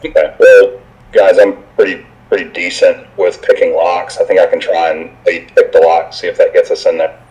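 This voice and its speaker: A man with a very deep, mellow voice plays in a tabletop game. He talks hesitantly and stumbles over his words as he asks questions. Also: little pitch movement, moderate pace, low-quality recording. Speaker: player. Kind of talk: casual tabletop play.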